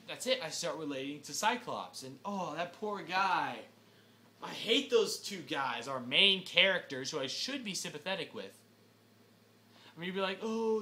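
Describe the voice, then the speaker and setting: Animated, exasperated young man ranting. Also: fairly high pitch, slight background noise. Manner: exasperated, animated, breaks into shouts. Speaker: movie reviewer. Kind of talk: ranting film review.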